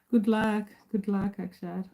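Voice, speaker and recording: A woman in her forties from Kenya, hosting a casual livestream, greeting viewers by name and answering chat in calm, measured speech. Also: medium pitch, gravelly, rough recording. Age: 40s. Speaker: livestream host.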